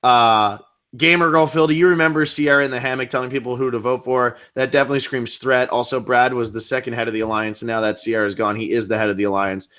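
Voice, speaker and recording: A man co-hosting a fan show, chatting casually in quick back-and-forth with filler words. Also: medium pitch, steady tone, fairly bright tone, clear, resonant tone. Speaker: podcast co-host.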